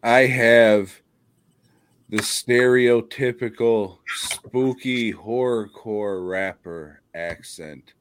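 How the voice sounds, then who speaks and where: A man's voice: on the low side, extremely slow, slight background noise. A man co-hosting a horror podcast in casual comedic chat, profane and mocking, laughing often. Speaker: podcast co-host.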